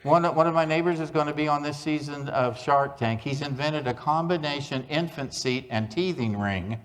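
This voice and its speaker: A man's voice: on the high side, moderate pace. Folksy man in a reverberant hall. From Oklahoma. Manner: folksy joke-telling with deadpan punchlines. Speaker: conference speaker. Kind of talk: humorous keynote talk. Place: large conference hall.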